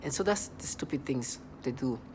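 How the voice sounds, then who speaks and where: A man's voice: medium pitch, expressive, moderate pace, a little mellow, slight background noise. A man vlogging in a rambling, agitated monologue full of restarts and repeated words. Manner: agitated, repetitive, many restarts; laughs in disbelief.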